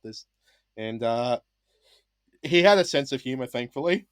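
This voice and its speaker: A man's voice: mid-range voice, a little slow, clear, resonant tone, no echo, studio quality. A young man from Australia, a former English teacher, telling a story in a casual podcast chat and acting out the lines of the people in it. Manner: animated, acts out past dialogue.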